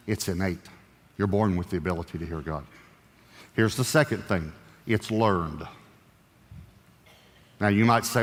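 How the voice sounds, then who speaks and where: A man preaching a sermon as a pastor, animated and joking as he tells stories. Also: on the low side, moderate pace. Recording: echoey hall reverb.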